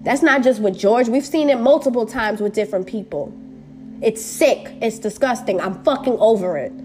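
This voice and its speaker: A woman with a somewhat high voice delivers an impassioned rant straight to camera. She is angry and hurt, swears freely and drives her points with short, repeated phrases. Faint music plays quietly beneath her. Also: moderate pace. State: upset and hurt.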